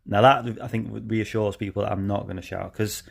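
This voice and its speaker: A man's voice: lowish voice, steady tone, a little fast, vocal fry. A man, a driving instructor, talking casually and earnestly to camera with many ums.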